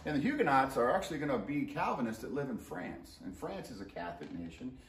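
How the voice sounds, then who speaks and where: A man teaches history in a loose, conversational lesson shared with a colleague, and his voice rises and falls with animated, joking energy. He sounds set back from the microphone, and the room around him rings noticeably. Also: medium pitch, quick pace, slight background noise. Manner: animated and joking, playful asides. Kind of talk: casual co-taught history lesson. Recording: roomy sound, mic at a distance.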